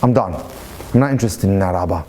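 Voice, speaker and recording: A man voicing a rebellious young woman who flatly tells her father she is done with religion, in a blunt, defiant way. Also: low voice, brisk, a little hiss or hum, voice pushed down.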